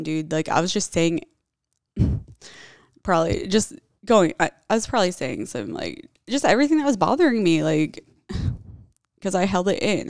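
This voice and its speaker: A woman's voice: on the low side, gravelly, a little mellow, dry recording, clean studio sound. A young woman telling a personal story in a casual confessional vlog, blunt and candid with a lot of swearing.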